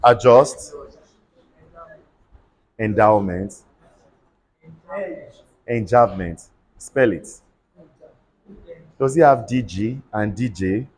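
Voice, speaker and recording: A man's voice: fairly low pitch, very slow, pauses often, a little mellow. A man teaching a class how to pronounce consonant sounds, spelling words out letter by letter and having the students repeat them. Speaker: pronunciation teacher. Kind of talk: classroom lesson with call-and-response drills.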